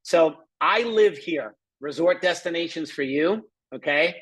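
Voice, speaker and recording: Middle-aged guy hyping travel deals on a livestream, bit high voice, chatty and excited, lots of "okay?" and "right?". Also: measured pace. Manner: excited, chatty, many fillers and asides to viewers. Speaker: presenter of a travel membership. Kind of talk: live screen-share sales presentation.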